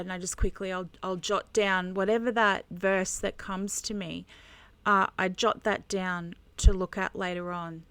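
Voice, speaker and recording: A woman teaching a devotional Bible lesson on camera while she colors, earnest and halting, with many restarts. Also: mid-range voice, a bit bright, smooth, no echo. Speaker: conference speaker teaching Bible journaling.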